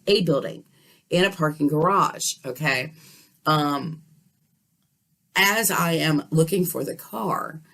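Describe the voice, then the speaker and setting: A woman telling a story in a casual, animated way, often checking in with her listener. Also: deep voice. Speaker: dream vlogger.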